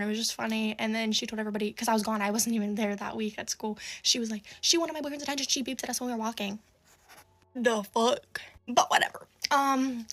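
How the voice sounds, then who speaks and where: A woman's voice: on the high side, a bit bright. A teenage girl telling a storytime monologue, rambling with lots of "like", swearing and exasperated asides. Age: teens.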